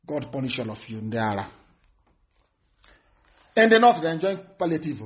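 A Nigerian activist addresses his followers in a fiery, scornful political broadcast, repeating phrases for emphasis. His voice is a little high and very animated, at a moderate pace, on a dull lo-fi recording.

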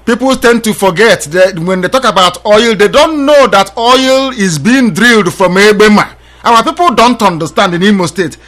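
A man's voice: sits high, normal speed, hardly any pauses, a bit bright. A man hosting a call-in radio show, taking calls and pressing his points with emphatic, repeated rhetorical questions.

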